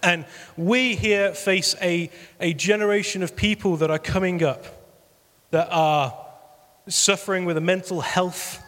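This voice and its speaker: A man's voice: sits high, fairly even intonation, measured pace, a bit bright, in a large hall. A man giving an earnest sermon appeal as pastor, repeating phrases for emphasis.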